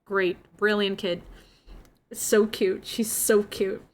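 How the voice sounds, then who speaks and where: A woman's voice: mid-range voice, fairly even intonation, slow. A young woman from Indonesia, chatting casually on a livestream and greeting viewers by name. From Jakarta, Indonesia. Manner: bubbly, greets chat by name. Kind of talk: casual stream chat.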